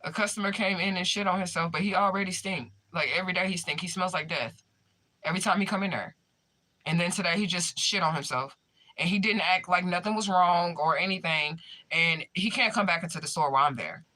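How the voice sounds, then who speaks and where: A young woman who streams as a spiritual medium chats casually with viewers, telling a story emphatically and with profanity. Her voice is fairly low and sharp, and she talks a little fast.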